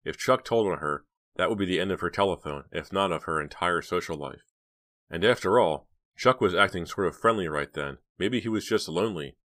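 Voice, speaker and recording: A man narrating a teen horror novel as an audiobook reading, measured in his storytelling. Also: low-pitched, a bit bright.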